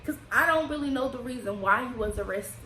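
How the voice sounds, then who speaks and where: Impassioned high-voiced woman vlogger. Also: brisk, bright, forceful tone, roomy sound, slight background noise. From United States. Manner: emotional, rising and falling with feeling, Southern-tinged casual speech. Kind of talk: impassioned personal vlog. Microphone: desk microphone.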